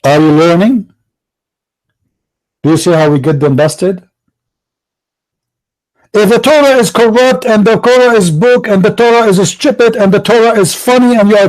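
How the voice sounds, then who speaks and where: A man's voice: high-pitched, normal speed, pauses often, a little mellow, rough recording. A man hosting a heated religious debate, taunting with repeated rhetorical questions. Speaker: debate show host.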